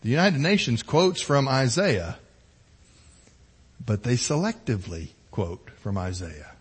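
A man's voice: mid-range voice, very animated, unhurried, husky. A middle-aged man preaching a sermon, emphatic, rising and falling in volume and pace. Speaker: pastor.

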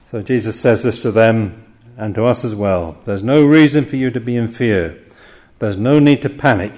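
A man's voice: fairly low pitch, moderate pace, a little mellow. An older man preaching an expository sermon, often chuckling between points and voicing the quoted cries with drama.

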